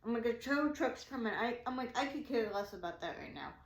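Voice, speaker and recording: A woman chats through a story in a loose, rambling way, leaning on "like" and acting out what everyone said. Her voice sits a bit high. The room gives it a noticeable echo. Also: fairly quick. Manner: animated, rambling, heavy use of "like". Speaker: craft shop vlogger. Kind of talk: casual storytime chat.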